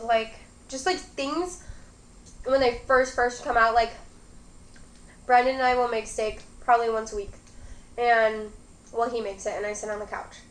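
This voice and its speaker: A woman in her twenties hosting a mukbang, talking in a rambling, chatty way with lots of "like" while she eats. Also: on the high side. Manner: rambling, chatty, heavy use of "like". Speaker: mukbang host. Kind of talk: casual chat while eating. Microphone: phone. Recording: roomy phone recording.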